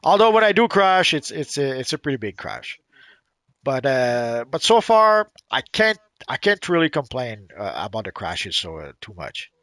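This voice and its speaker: A man hosting a casual gaming livestream, halting and repeating words with many fillers. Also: medium pitch, very animated, fairly bright tone, no echo. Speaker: livestream host.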